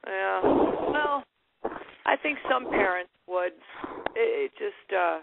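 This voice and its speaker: A woman's voice: medium pitch, animated, slow pace, vocal fry, noisy background. Woman talking candidly on a tinny phone line. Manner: candid, with frequent restarts and laughs. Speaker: guest musician. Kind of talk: phone interview.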